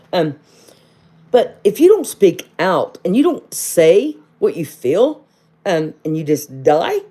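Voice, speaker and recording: A woman's voice: low voice, dark tone. A middle-aged woman, hosting a casual livestream, rambling and chatty, calling viewers honey and firing off rhetorical questions. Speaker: livestream host.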